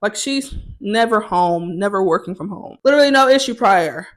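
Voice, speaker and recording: A woman's voice: mid-range voice, lively intonation, moderate pace. A young woman telling a story in a vlog, candid and profane, getting more heated as she goes. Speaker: vlogger.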